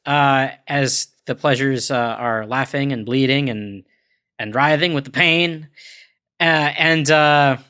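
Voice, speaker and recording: A man's voice: medium pitch, pushed and bright. A man co-hosting a podcast, recapping a comic in a wry, filler-heavy way. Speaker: podcast co-host.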